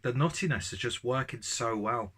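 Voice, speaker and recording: A man's voice: mid-range voice, moderate pace, fairly bright tone, slightly rough. A man giving a casual, enthusiastic beer tasting review, rambling with ums and joking at his own expense.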